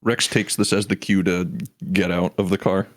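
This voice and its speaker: Male player, deep voice, matter-of-fact, dry humor. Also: level tone, moderate pace. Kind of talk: tabletop game narration as a player.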